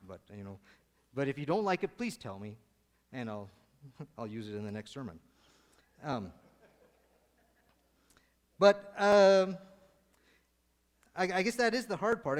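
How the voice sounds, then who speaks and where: A man giving a casual, joking sermon to his congregation, rambling and conversational. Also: medium pitch. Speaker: lay preacher. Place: church sanctuary. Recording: long church hall reverb.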